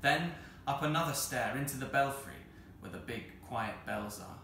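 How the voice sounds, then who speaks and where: A man reads a children's novel aloud in an expressive, measured way. His voice is bright. The very roomy hall carries a faint hiss. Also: medium pitch, creaky. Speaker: storyteller. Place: arts centre hall.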